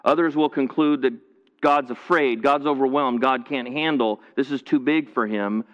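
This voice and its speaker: Pastor, male, mid-pitched voice, conversational sermon full of restarts, slightly muffled in a reverberant church hall. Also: moderate pace. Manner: conversational preaching with frequent restarts and repetition. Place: church, streamed to viewers at home.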